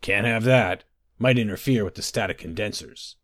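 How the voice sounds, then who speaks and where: A man's voice: on the low side, moderate pace, a bit bright, dry recording, clean studio sound, lightly acted. A man voicing a dismissive older male dwarven engineer who scoffs and lectures. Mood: lecturing. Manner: brusque, scoffing.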